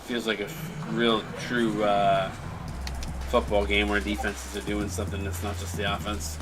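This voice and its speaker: Over heavy noise, a man's lowish voice comes through completely flat at a moderate pace. As stream host and play-by-play caster, he calls a simulated basketball game and chats loosely with his co-host and viewers, often rambling and starting his sentences over.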